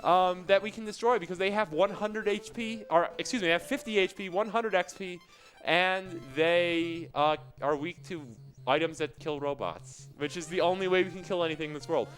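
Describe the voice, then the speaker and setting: Man, high voice, joking speedrun commentary, rambling, faint background music. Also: normal speed, fairly bright tone, poor audio. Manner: joking, rambling explanations with laughs. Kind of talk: live commentary while playing.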